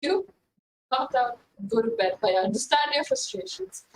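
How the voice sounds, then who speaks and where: A woman with an Indian accent chatting casually as a player in a tabletop game, lively and chatty. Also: sits high, normal speed, crowd noise, poor audio. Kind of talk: casual chat.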